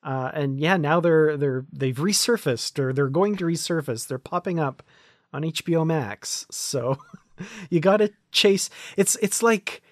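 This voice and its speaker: A man's voice: on the high side, a little slow, no echo. Easygoing man co-hosting a podcast, dry mic. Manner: relaxed, laughs easily, backchannels often. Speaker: podcast co-host. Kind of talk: casual chat.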